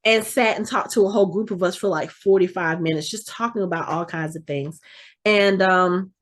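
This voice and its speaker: A woman's voice: lowish voice, normal speed. Chatty middle-aged woman storyteller. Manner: chatty, animated storyteller who restarts and corrects herself. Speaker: podcast co-host. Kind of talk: casual anecdote telling.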